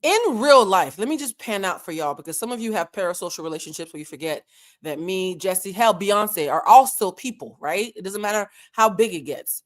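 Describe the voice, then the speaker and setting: A woman's voice: medium pitch, lively intonation, moderate pace. A woman hosting a commentary channel, talking straight to her viewers in an impassioned, lecturing rant full of pointed rhetorical questions. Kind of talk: direct-to-camera commentary rant.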